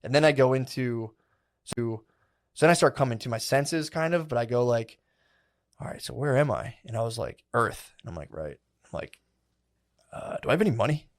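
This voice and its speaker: A man's voice: mid-range voice, normal speed, pauses often. A man co-hosting a podcast, telling a story in a rambling, casual way with lots of fillers and swearing. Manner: rambling, filler-heavy, profane, animated retelling. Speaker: podcast co-host.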